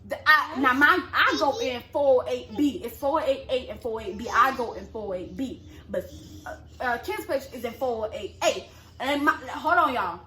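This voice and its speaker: High-voiced young woman telling a story. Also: moderate pace. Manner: animated, acts out quotes in a high yelling voice. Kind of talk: casual storytime chat. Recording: echoey room with clear background noise.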